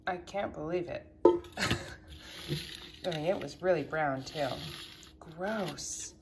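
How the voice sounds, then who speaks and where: A woman's voice: sits low, extremely slow, heavy background noise. A woman vlogging at home in her kitchen, chatting casually and rambling with lots of fillers as she cleans. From California, USA.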